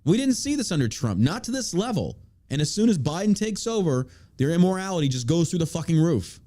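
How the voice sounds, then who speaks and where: Male podcast host, angry profane rant, lively pitch, warm dark tone. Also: a little fast. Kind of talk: casual podcast chat.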